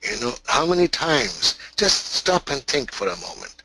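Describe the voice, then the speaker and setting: A man gives a spiritual webinar and tells a parable, speaking emphatically and often repeating or restarting his phrases. His pace is slow, and his voice is bright and forceful. The sound is close and dry. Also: medium pitch, very animated, dry recording, poor audio. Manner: emphatic, repetitive, many restarts. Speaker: spiritual teacher. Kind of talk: webinar teaching with storytelling.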